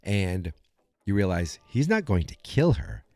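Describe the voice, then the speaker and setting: Chatty podcast host, lowish dry voice. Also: male voice, unhurried, no room sound. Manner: chatty, animated storytelling with many fillers and restarts. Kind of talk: casual episode recap.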